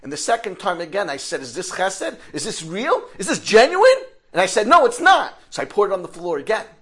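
Guy doing a hotel owner, high and shouty when he's riled, bright edgy voice. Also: rapid-fire. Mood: indignant. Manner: swings from calm to furious shouting. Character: fiery, proud middle-aged hotel owner.

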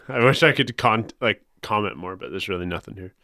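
Male podcast co-host, teasing and profane, lowish voice, dry close mic. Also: moderate pace, pushed and bright, no echo. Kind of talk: casual banter.

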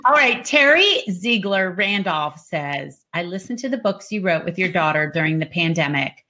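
A woman's voice: mid-range voice, sing-song, measured pace, sharp tone. A woman co-hosting a casual chat, reading out listener comments and talking about her editing. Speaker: co-host.

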